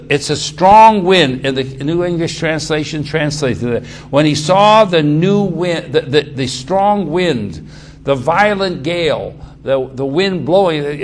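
A man's voice: a little high, a little hiss or hum. A man preaching a Bible-teaching sermon, emphatic and repetitive, often restarting his phrases.

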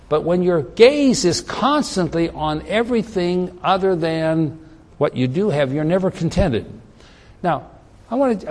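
A man preaching a sermon, telling a story and acting out its characters' lines with emphatic rises. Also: a little high. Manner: storytelling, acts out voices in quotes, emphatic rises.

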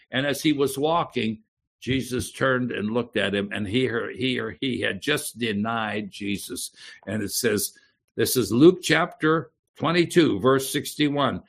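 A male preacher delivers a sermon, reading scripture passages and explaining them with animated emphasis. His voice carries a gravelly, creaky edge at a middle pitch. He often stumbles, restarting and repeating words as he talks.

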